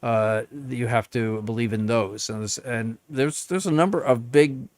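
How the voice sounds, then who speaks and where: A man's voice: mid-range voice, measured pace, a little mellow, no room sound. Blunt older man, dry close mic. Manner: blunt, emphatic, plain-spoken with laughs. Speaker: bishop answering questions. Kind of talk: live Q&A stream.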